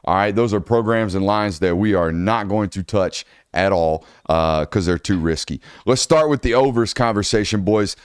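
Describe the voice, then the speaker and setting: Host type: low, smooth man, dry close mic, energetic talk-show banter. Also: normal speed, hardly any pauses, dry recording. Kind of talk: casual sports talk show.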